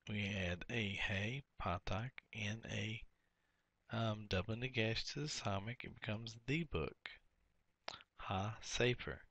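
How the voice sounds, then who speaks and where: Guy teaching a workbook lesson step by step, low voice, dry close sound. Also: creaky, sharp tone, no room sound. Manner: explains step by step, repeats words.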